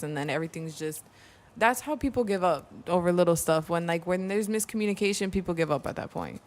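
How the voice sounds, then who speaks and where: A woman's voice: fairly low pitch, quick pace. A woman guest on a podcast, chatting casually and filling her talk with "like". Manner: relaxed, talks with lots of "like" fillers. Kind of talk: casual chat. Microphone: table mic shared in a small room.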